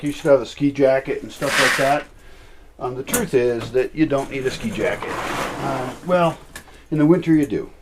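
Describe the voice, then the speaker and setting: A man chatting casually while he feeds dogs outdoors at night, wandering off and correcting himself as he talks. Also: on the high side. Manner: rambling, self-correcting. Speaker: vlogger feeding dogs. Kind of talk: casual vlog narration. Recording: noisy outdoor recording. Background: dogs barking and moving about.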